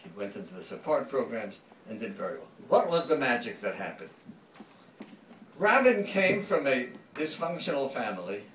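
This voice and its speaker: A man's voice: medium pitch, a little hiss or hum. An older man giving a public talk, telling a story and acting out the lines of the people in it. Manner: anecdotal, acts out quoted dialogue. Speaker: speaker. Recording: echoey hall from far off.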